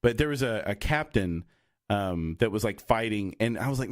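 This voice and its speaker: A man's voice: on the low side, animated, normal speed, no room sound, clean studio sound. Rambling young man in casual chat. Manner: rambling, many fillers and restarts. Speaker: podcast co-host.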